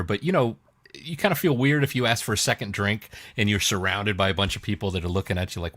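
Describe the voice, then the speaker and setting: A man co-hosting a casual podcast who rambles through stories, often restarting, and puts on squeaky voices for other people. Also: brisk, a bit bright. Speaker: podcast co-host. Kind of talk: casual chat.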